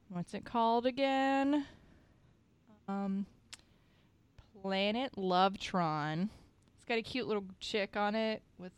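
A woman co-hosting a podcast in casual chat, chatty and quick to laugh. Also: mid-range voice, clean tone. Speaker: podcast co-host.

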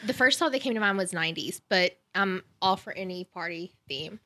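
A woman, chatty and expressive, answering questions as a guest on a podcast. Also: on the low side, a little fast, crowd noise. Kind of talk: casual podcast chat.

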